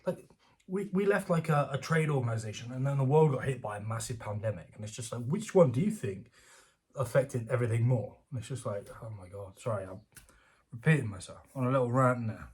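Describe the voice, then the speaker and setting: A British man with a husky, phlegmy voice, rambling and sarcastic as he reads an article aloud and rants about it, laughing often. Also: mid-range voice, lively intonation, a little fast. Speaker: commentator reading news aloud. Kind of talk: casual rant reacting to an article.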